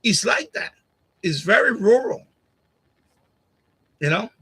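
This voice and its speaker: Middle-aged guy on a live stream, high bright voice kinda husky, heated and repeating himself. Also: animated, slow pace. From Puerto Rican family, grew up partly in Puerto Rico. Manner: heated, repetitive, confrontational. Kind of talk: casual live-stream rant to chat. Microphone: USB condenser mic on boom arm.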